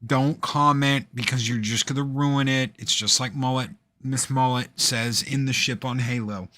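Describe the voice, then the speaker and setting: A man co-hosting a casual movie review chat, animated and joking. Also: mid-range voice, normal speed, no room sound. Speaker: podcast co-host.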